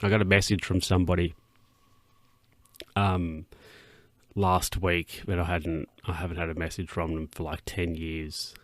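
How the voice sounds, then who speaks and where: A man's voice: level tone, a little slow, long pauses, no room sound. A young man hosting a casual solo podcast, rambling and self-interrupting as he riffs, yawning now and then. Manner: rambling, self-interrupting, chuckling, voices his own thoughts in a high put-on tone. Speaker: podcast host.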